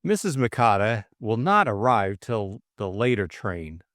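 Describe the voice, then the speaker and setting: A man's voice: lowish voice, very animated, measured pace, a bit bright, dry recording, studio quality. A man voicing a stuffy, self-important middle-aged politician in an audiobook drama, speaking in a pompous, formal way. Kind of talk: audiobook character voice.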